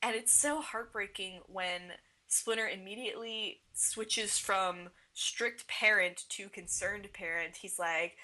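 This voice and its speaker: Young female podcast co-host, gushing fan, bright tense tone, mid pitch. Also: slow, hardly any pauses, low-quality recording. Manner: gushing, emotional, fillers of "like". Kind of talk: casual fan podcast chat.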